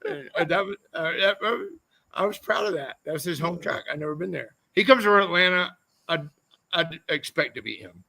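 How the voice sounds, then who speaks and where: Gravelly high-voiced man telling profane stories. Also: animated, fairly quick, pushed and bright, low-quality recording. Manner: profane, rambling anecdotes. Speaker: podcast guest, former motorcycle racer. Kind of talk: casual storytelling interview.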